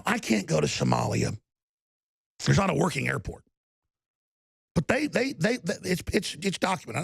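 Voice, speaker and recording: A man hosting a talk show, delivering an impassioned ranting monologue that bursts into angry shouting. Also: high voice, creaky, dry recording, clean studio sound.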